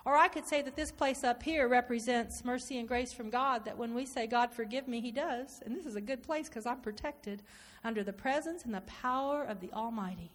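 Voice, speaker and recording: A woman preaching a sermon, animated and repetitive, acting out inner dialogue as she speaks. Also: fairly high pitch, fairly quick, few pauses. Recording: reverberant hall.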